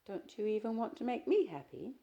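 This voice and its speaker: A woman's voice: on the high side, very animated, a little fast, vocal fry, mellow, muffled recording, voice pushed up. A woman reading the lines of an insecure, jealous young woman in an audiobook, asking pleading, needling questions. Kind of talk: audiobook character dialogue.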